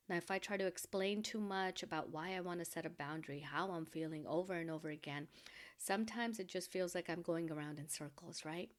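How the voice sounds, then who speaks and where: A middle-aged woman hosting a podcast, giving gentle advice in a soft, slow, reassuring voice that often drops to a whisper. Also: fairly low pitch. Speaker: podcast host.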